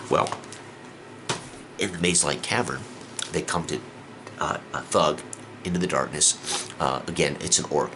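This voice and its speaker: A man with a very deep, gravelly voice, recapping a tabletop game session as game master in a rambling way, with many fillers and restarts. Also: noisy background.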